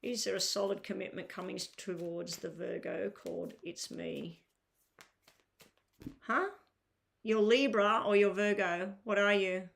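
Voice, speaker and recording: A woman's voice: medium pitch, steady tone, a little slow, creaky. Woman, tarot reader, live stream, tired, crackling voice, chatty, filler-heavy. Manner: chatty, asks viewers to clarify, filler-heavy. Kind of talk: live-stream tarot reading, talking to chat.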